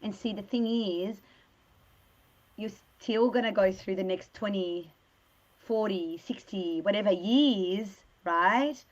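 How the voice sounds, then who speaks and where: A woman's voice: mid-range voice, takes it slowly, dull audio. A middle-aged woman, hosting a casual conversation and affirming her guests enthusiastically. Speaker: podcast host.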